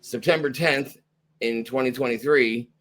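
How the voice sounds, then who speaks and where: A man's voice: medium pitch, a little slow, fairly bright tone. Man hosting with short prompts. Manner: brief prompts and affirmations. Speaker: podcast host. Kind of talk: interview.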